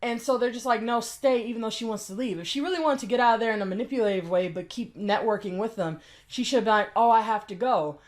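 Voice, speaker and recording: Exasperated woman ranting, high voice. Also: quick pace, few pauses. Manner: blunt, exasperated, cussing. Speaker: commentary YouTuber. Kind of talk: ranting reaction commentary.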